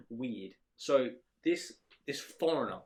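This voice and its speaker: A man's voice: mid-range voice, a little mellow. A man co-hosting a casual chat podcast, mocking and joking, with plenty of ums and restarts. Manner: hesitant with many ums, dry mocking. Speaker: podcast co-host.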